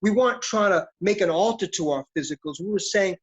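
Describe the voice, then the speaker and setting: A man's voice: sits high, quick pace, few pauses. Middle-aged male actor, casual philosopher, muffled lo-fi audio. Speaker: actor guest. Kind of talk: reflective interview talk. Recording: dull lo-fi sound.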